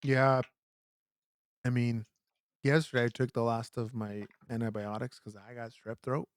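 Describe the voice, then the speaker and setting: A young man talking casually into a podcast mic, in a voice pitched at an everyday middle. He rambles through his story with restarts, little asides and "like"s. The sound is dry and close. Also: little pitch movement, a little slow, smooth, dry recording. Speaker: podcast co-host. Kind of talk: casual chat.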